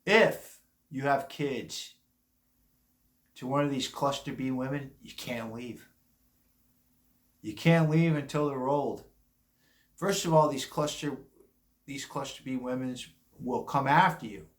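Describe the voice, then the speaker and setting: A man's voice: medium pitch, takes it slowly, long pauses. Man, 50s, a bit drunk, blunt rambling vlogger, echoey room. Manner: blunt, rambling, emphatic warnings. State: a little drunk. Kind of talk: casual rambling monologue.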